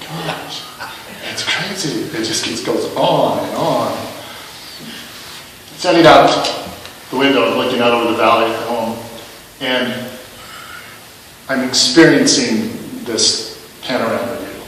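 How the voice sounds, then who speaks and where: A man preaches in a relaxed, self-mocking way, pressing the listeners with rhetorical questions. His voice sits in the middle range and rings through a large, echoing church hall. He stands some way from the microphone, with a faint hiss behind him. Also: medium pitch, takes it slowly, pauses often. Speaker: minister. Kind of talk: sermon. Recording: echoey hall, mic at a distance.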